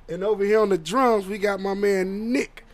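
A man's voice: high-pitched, a little slow, soft background music. A man, a band's vocalist, introducing his bandmates one by one in a laid-back, slangy way in a radio studio. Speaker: band vocalist. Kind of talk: casual band introduction.

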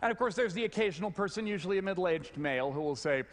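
A middle-aged man giving a storytelling talk on stage, animated, often stumbling over repeated words. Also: high voice, fast, few pauses, slight background noise. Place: large hall before an audience. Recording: long hall reverb.

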